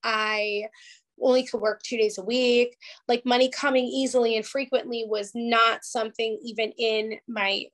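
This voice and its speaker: A woman's voice: a little high, little pitch movement, normal speed, a bit bright. A woman, a life coach guest on an interview podcast, telling her story in a candid, emphatic and emotional way, close to tears at times.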